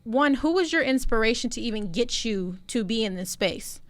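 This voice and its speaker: A woman's voice: fairly high pitch, animated, normal speed, dry recording. A woman co-hosting a casual interview, asking questions in an easygoing way. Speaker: co-host.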